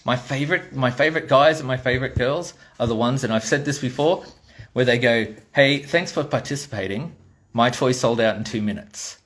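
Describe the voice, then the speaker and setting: A man's voice: mid-range voice, normal speed, fairly bright tone. A middle-aged Australian man, a toy designer, giving a blunt, exasperated ranting monologue and swearing freely.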